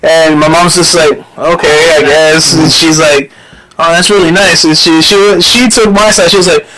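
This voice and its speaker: A man's voice: fairly high pitch, moderate pace, a crowd in the background. A man on a podcast telling a personal story in casual chat, swearing a lot and acting out what people said. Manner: swears often, animated retelling with quoted voices. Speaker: podcast co-host.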